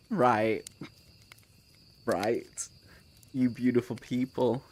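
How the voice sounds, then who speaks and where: A young adult book streamer hosts a live reading sprint, reading out chat messages and reacting to them. The voice swings widely in pitch, quick to burst into laughter and unbothered about swearing. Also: very animated.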